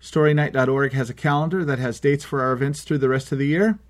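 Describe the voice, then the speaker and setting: A man's voice: medium pitch, steady tone, fast. A man hosting a storytelling podcast, steadily reading out event announcements. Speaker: podcast host.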